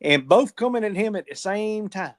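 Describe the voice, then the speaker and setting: A man's voice: high-pitched, expressive, normal speed. A man in casual sports chat, brash and folksy, cursing freely. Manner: brash, folksy, swears and laughs loudly. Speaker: co-host.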